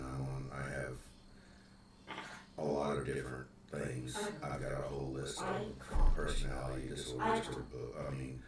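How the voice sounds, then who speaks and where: A man hosting a casual rambling chat, loose and joking. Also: a bass voice. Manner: loose, joking, self-deprecating. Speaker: video host. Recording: echoey room with faint noise.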